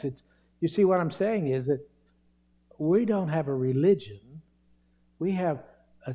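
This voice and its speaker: Earnest preaching man, mellow voice. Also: a little high. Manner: earnest, emphatic preaching with stressed words. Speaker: pastor. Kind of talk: sermon.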